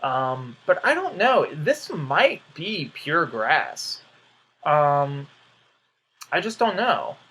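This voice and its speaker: Man, casual video commentary, hesitant rambling, lively up-and-down pitch. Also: very slow, husky. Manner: rambling and hesitant, full of "um" and "I don't know". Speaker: YouTuber.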